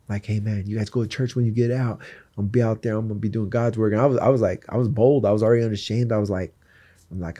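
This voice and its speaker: Guest man, earnest testimony; raspy fry and a dark, mellow tone. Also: fairly low pitch. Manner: earnest, candid storytelling. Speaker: guest sharing his testimony. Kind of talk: personal faith testimony in conversation.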